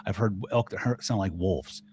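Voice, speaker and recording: An older man, a guest on a podcast, talking casually and lively, mimicking sounds as he explains. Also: low-pitched, moderate pace. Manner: animated, mimics elk bugles and voices. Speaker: guest, elk calling expert.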